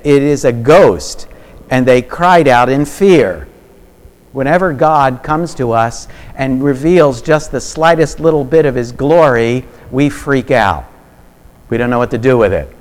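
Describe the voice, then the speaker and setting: A man preaching a sermon, reflective and varying his loudness for emphasis. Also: mid-range voice.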